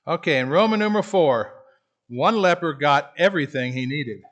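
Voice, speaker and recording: Guy running a bible class, slightly high voice, chatty, keeps asking the room stuff. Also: lively intonation, normal speed, a bit bright, dull audio. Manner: conversational, asks the class questions. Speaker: Bible study teacher. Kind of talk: casual Bible class teaching.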